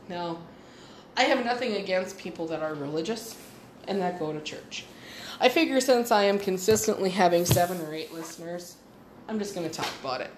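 A woman's voice: on the low side, slight background noise. Blunt, swearing woman in an echoey room. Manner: blunt, rambling, swears freely. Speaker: podcast host. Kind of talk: casual storytelling monologue. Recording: echoey room with faint ambience.

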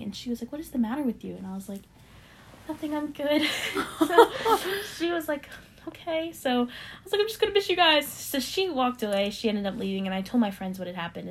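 A young woman casually telling a personal faith testimony on a podcast, animated and full of fillers, acting out what others said. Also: mid-range voice, creaky. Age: young adult. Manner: animated storyteller with many fillers, acting out quoted voices. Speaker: podcast co-host sharing a testimony.

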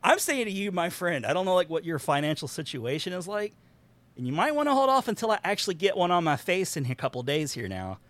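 A man hosting a podcast, talking in an animated, rambling casual way and laughing often. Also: high-pitched, fast talker, no room sound. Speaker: podcast host. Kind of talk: excited casual chat.

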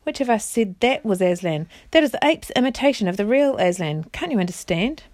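A woman's voice: medium pitch, animated, a little fast, a little mellow, no room sound, clean studio sound, voice pushed up, lightly acted. A woman voicing a noble young king in a storybook read-aloud, speaking with solemn, indignant formality. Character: stern young male king, noble and commanding.

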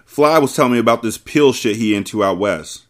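A man's voice: medium pitch, animated, brisk, lightly acted. A man voicing a jovial male gangster, brash and bossy, with loose, profane street talk. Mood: easygoing.

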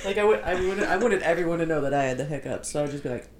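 A woman's voice: low voice, lively intonation, very fast. A young woman in casual chat with friends, blunt and swearing, laughing often. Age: young adult. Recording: clear background noise.

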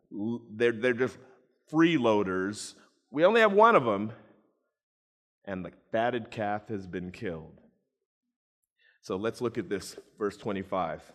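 A man's voice: medium pitch, moderate pace. A man preaching a sermon, retelling a story dramatically and joking with his listeners. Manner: dramatic storytelling, jokes with the congregation. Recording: echoey hall.

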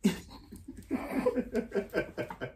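A man's voice: extremely slow, darkish tone. Laid back comedian guy in his 30s, chatting on a podcast, stops and starts, keeps laughing. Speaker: stand-up comedian, podcast guest. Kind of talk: casual podcast chat.

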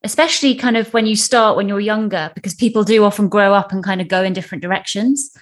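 A woman's voice: mid-range voice, fairly even intonation, fast. Woman host asking questions. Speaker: interview host. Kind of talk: casual interview. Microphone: video call.

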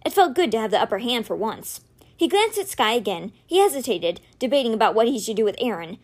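A woman reading a novel aloud with expressive, animated storytelling. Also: on the high side, fast talker. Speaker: audiobook reader.

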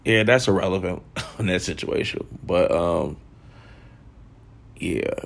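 A man's voice: deep voice, slow, creaky. A man in his thirties hosting a candid personal monologue, frank and reflective, swearing freely and saying "like" a lot. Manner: frank, profane, reflective, lots of filler "like". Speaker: host.

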